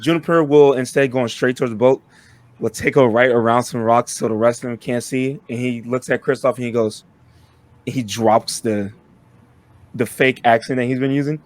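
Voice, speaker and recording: Male player, middle pitch, easygoing table talk. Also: fairly even intonation, moderate pace, no room sound. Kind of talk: tabletop game play.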